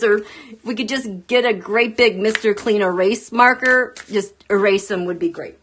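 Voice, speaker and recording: A woman hosting a casual live tarot stream, chatty and animated, often laughing and jumping up into high exclaims. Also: a little slow. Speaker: tarot reader host.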